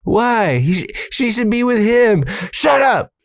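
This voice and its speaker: A man voicing an angry adult woman who is scolding a teenager in a shrill, shouting voice. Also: big pitch swings, slow, dry recording, studio quality, heavily acted. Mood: furious.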